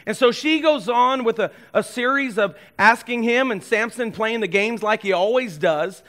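A pastor delivering a sermon, retelling a story with lively, animated delivery and acting out the characters. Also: male voice, high-pitched, normal speed.

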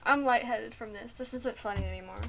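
This is let's-play commentary from a young woman gaming YouTuber tackling a horror game, speaking a little fast in a higher-pitched voice. Fearful and on edge, she repeats herself, laughs nervously, and says she feels lightheaded.

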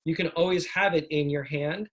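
A man teaching communication skills in a casual, energetic workshop, showing little tricks as he talks. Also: a little high, normal speed. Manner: energetic, demonstrates tricks while talking. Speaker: speaking coach. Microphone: video call.

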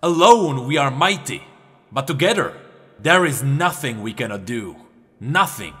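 A man's voice: medium pitch, sing-song, a little slow, a bit bright, slightly rough, full character voice. A man voicing a proud male god who lectures his fellow gods in a hectoring, impassioned tone in a storybook reading.

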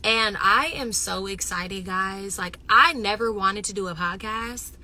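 A woman chatting casually with viewers on a phone livestream, animated and loud, swinging between excited bursts and near-whispers. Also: medium pitch, a little slow, slight background noise. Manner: says she is loud. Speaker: reality TV personality going live.

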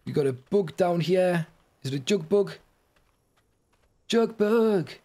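Excitable gamer, high and lively. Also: male voice, slow pace. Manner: excitable, yelps and shouts in panic. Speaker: gaming YouTuber. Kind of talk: gameplay commentary.

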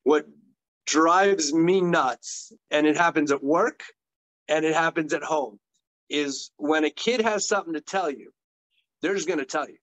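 A middle-aged man, an occupational therapist and guest, telling stories in an animated, enthusiastic conversational way. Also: fairly high pitch, a little slow, rough recording. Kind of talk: conversational interview storytelling.

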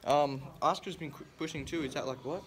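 A man's voice: a little high, fairly quick. A young man vlogging on a phone camera around his school, joking and rambling with plenty of swearing. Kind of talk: casual school vlog. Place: school library and classrooms. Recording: noisy classroom chatter behind. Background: classmates chatting.

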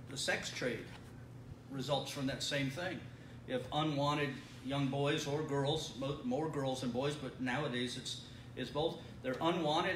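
A man's voice: a little high, bright, forceful tone, distant mic, slight background noise. A middle-aged man leading a Bible study in a congregation room, talking in a conversational, folksy way with repeated words and frequent laughs. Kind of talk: sermon-style Bible teaching. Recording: echoey room, voice from off the mic.

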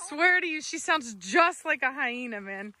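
A woman's voice: high voice, expressive, moderate pace, background noise. A woman, filming a casual vlog outdoors as she plays with her dogs, laughing and calling commands to them.

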